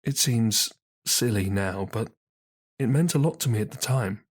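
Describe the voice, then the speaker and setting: A man voicing a gentle, anxious young village girl in a soft, hesitant tone pitched up from his own voice. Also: measured pace, husky.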